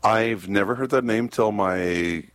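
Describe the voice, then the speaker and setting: A man's voice: lowish voice, unhurried, fairly bright tone, no room sound. A man hosting a casual radio chat, easygoing and rambling, often chuckling. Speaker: radio host.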